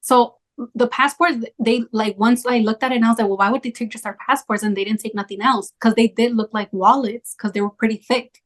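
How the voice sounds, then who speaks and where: A young woman in casual conversation, telling a travel story in a chatty, animated way with lots of fillers. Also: on the high side, brisk. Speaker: travel creator.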